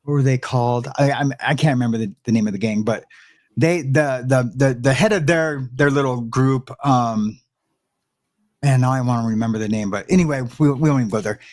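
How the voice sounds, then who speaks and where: A man's voice: medium pitch, fairly quick, darkish tone. A man casually sharing prison stories, rambling and searching for words with frequent restarts. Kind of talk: casual storytelling chat.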